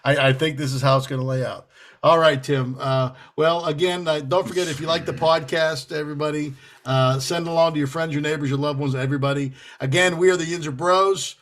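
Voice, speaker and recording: A man's voice: a little high, steady tone, fairly quick, a bit bright. A man co-hosting a casual sports podcast, easygoing and laughing often as he makes confident predictions. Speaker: podcast co-host.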